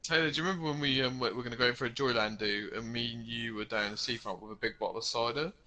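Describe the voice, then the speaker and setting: Bright-voiced man, laid-back. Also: mid-range voice, steady tone, quick pace. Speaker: podcast co-host. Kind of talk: casual chat.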